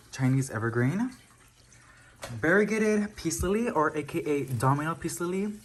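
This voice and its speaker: Gushing, excitable plant vlogger. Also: mid-range voice, slight background noise. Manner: gushing and enthusiastic, frequent exclamations. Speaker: houseplant channel host. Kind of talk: casual plant tour vlog. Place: home living room with plants.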